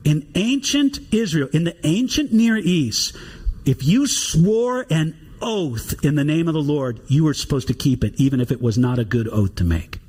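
A man preaching a sermon, reading scripture aloud and explaining it in an animated way. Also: a little high, normal speed, husky. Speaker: pastor.

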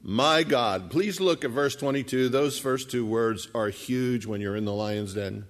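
A man preaching a sermon, his pitch sitting in the middle of the male range. He retells a scripture story casually, slipping into the characters' lines and asides to the congregation. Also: moderate pace. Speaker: pastor.

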